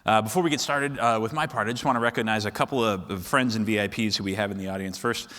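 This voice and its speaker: A man's voice: lowish voice, fast talker, a bit bright. A man giving friendly, upbeat hosting remarks at an event, speaking directly to the audience. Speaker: foundation officer, event host. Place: large event hall with audience. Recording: long hall reverb with crowd.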